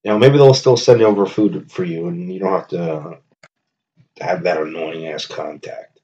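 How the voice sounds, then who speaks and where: Podcast host: rambling, profane man, lowish voice, dull lo-fi mic. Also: moderate pace, darkish tone. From New Jersey. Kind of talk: casual comedy monologue.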